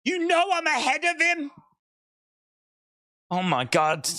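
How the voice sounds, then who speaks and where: A speaker giving excitable live reaction commentary on a wrestling show, breaking into shouts and laughs. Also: high-pitched, slow pace. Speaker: wrestling watch-along streamer.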